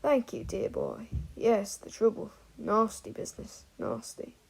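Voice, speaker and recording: A woman's voice: a little high, lively intonation, measured pace, vocal fry, husky, heavily acted, low-quality recording. A woman voicing a drunk old wizard who slurs and rambles. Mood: tipsy rambling. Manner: slurred, blustering, gets loud.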